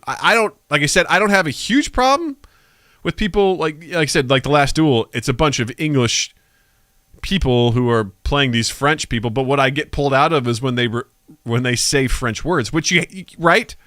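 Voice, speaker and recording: Male podcast co-host, bright tense voice, dry close mic, jokey casual chat. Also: medium pitch, expressive, brisk, no echo. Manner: jokey, slips into mock voices and accents.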